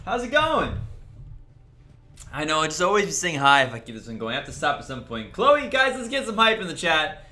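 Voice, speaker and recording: A man hosts a casual, upbeat livestream, welcoming viewers by name one by one. His voice is on the high side with big pitch swings, brisk and sharp, recorded in an echoey room with faint music playing behind.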